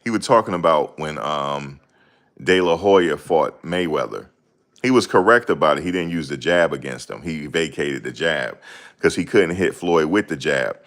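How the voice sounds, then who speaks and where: A man's voice: a bass voice, expressive, moderate pace, fairly bright tone. A man hosting a casual stream, reading and answering chat comments in a rambling, slangy way. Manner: rambling, slangy, laughs a lot.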